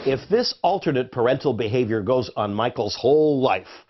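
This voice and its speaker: Man narrating, lively up-and-down voice, playful quiz style, dull lo-fi sound, faint music behind. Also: medium pitch, normal speed. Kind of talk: scripted educational narration.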